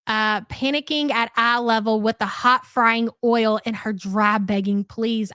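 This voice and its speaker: Woman, livestream host, high voice, sarcastic commentary, dry close sound. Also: fairly bright tone, dry recording. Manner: sarcastic, mocking, chatty. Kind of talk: live commentary on clips.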